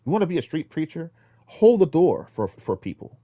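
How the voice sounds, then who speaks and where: A man giving casual, rambling street-preaching advice, exhorting listeners with many restarts, swinging between loud emphatic bursts and low mutters. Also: very animated, a little fast, dry recording, lo-fi sound.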